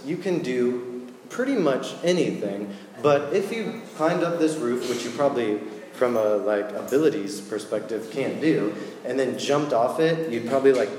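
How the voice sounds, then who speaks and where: A preacher with a medium-pitched, darkish voice gives a casual sermon, chatting and joking with slangy asides. It's recorded in an echoey hall with long reverb.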